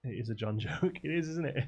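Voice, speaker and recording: Gravelly young man chatting on stream. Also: fairly high pitch, darkish tone, lo-fi sound, a little hiss or hum. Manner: rambling, answers chat messages aloud. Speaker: live streamer. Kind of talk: casual live-stream chat. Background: faint game music.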